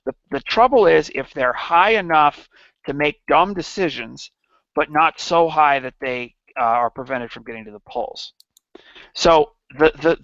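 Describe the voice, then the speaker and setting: A man hosting a livestream in casual satirical chat, halting and rambling with many restarts. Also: on the high side, a bit bright, dry recording, lo-fi sound. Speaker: livestream host.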